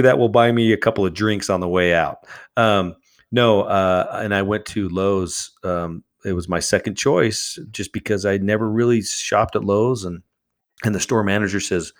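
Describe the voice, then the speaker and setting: A man with a somewhat low voice tells a long story as an interview guest. He plays out both sides of each quoted exchange in lively voices. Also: vocal fry. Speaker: charity founder, guest.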